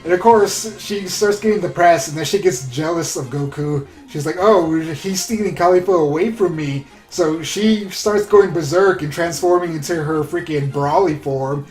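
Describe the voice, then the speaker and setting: A man casually recapping an anime episode in a rambling, excitable way, full of fillers. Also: fairly high pitch, normal speed, few pauses. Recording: roomy echo with faint music.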